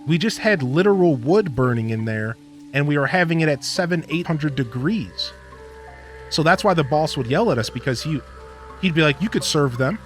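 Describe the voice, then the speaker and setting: A man's voice: on the high side, lively intonation, normal speed, faint music behind. Rambling casual gaming streamer, man. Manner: rambling storyteller, lots of fillers and laughs. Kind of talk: casual gameplay commentary.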